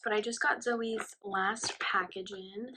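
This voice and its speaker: A woman's voice: mid-range voice, fairly even intonation, slow pace, background noise. A young woman unboxing gifts in a casual talk, gushing and often dropping to a whisper. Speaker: friend opening gifts.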